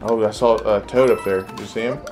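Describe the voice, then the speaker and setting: A man playing a video game with his child, chatting casually and cheering excitedly, game music behind him. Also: lowish voice. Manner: excitable, cheers his kid on with rapid repeated urging. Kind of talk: casual gameplay chat.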